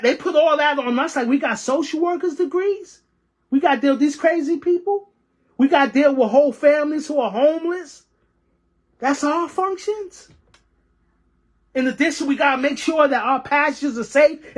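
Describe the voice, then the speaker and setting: A transit worker from New York delivering an impassioned rant, heated and repeating phrases for emphasis. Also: high voice. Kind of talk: impassioned ranting monologue.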